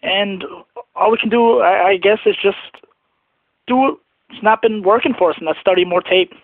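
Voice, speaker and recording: A caller in his twenties leaves a voicemail rant, angry and disgusted as he vents about his team's loss. His gravelly voice sits high and moves at a moderate pace. The tinny phone line is dry, with no room sound.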